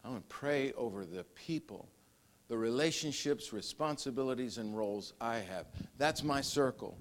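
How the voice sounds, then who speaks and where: A man's voice: mid-range voice, animated, normal speed. An older man preaching a conversational sermon, often repeating words and chuckling as he talks. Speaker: pastor.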